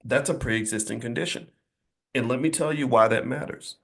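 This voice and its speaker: A man's voice: medium pitch, moderate pace, gravelly, fairly bright tone. A middle-aged man giving a motivational speech to a live audience in an indoor venue, emphatic and repetitive, with a preacher-like rhythm. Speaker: motivational speaker.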